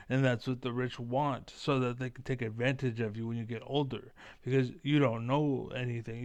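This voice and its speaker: A man giving a rambling, profane political monologue, often losing his train of thought and doing mocking squeaky impressions. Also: no room sound.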